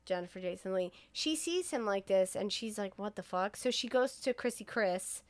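A woman's voice: mid-range voice, lively intonation, normal speed. A tipsy woman co-hosting a podcast, retelling movie scenes in casual chat and acting out the characters' lines. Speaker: podcast co-host recapping a movie.

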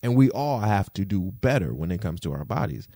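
New guy, casual podcast rant; mellow low voice with lively swings, lots of fillers and cursing. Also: brisk, creaky, no echo, clean studio sound. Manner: animated, swears freely, frequent fillers and "you feel me".

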